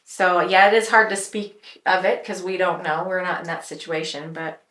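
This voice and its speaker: Bright emphatic woman podcast host. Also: on the low side, moderate pace. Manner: emphatic, preachy conviction. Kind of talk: casual faith talk. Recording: roomy echo.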